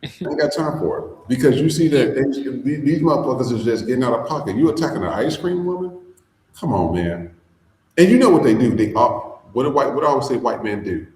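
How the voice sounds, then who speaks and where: A man's voice: medium pitch, expressive, brisk, a little mellow, echoey room, poor audio. A man hosting a podcast in casual commentary, blunt and profane, drawling with fillers. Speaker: podcast host.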